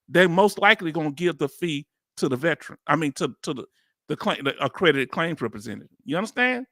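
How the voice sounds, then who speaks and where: A man's voice: on the high side, sharp tone, no echo, studio quality. A man with a Southern accent hosting a reaction video, talking in casual slang, incredulous and laughing often. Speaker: video host reacting to a hearing.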